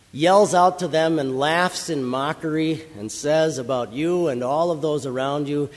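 A man's voice: a little high, unhurried, long reverb tail. A male pastor giving a dramatic sermon, telling a vivid story and rising into passionate proclamation.

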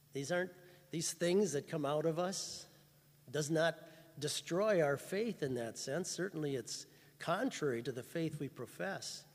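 Male pastor, slightly high-pitched, earnest sermon delivery, reverberant hall. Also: vocal fry. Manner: earnest storytelling, rising to fervent emphasis. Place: church chapel.

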